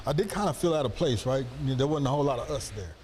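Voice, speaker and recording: Relaxed Texan man spinning a story. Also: medium pitch, fast talker, slight background noise. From Texas. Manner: relaxed, rambling anecdote telling. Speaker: podcast co-host. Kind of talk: casual storytelling.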